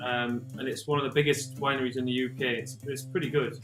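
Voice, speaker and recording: A man's voice: medium pitch, little pitch movement, fast, over music. Geordie man in an echoey room. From North East England. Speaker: wine guide guest. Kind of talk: casual chat.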